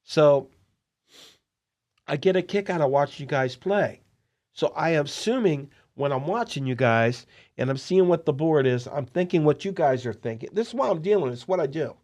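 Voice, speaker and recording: A man hosting a podcast, telling poker-dealing stories in an excitable, animated way. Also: a little high, normal speed. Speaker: podcast host and poker dealer. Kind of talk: casual storytelling interview.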